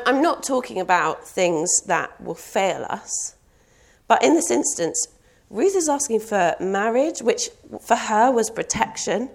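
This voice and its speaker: A woman's voice: medium pitch, gravelly. A young woman preaching a sermon in an earnest, personal way, asking rhetorical questions.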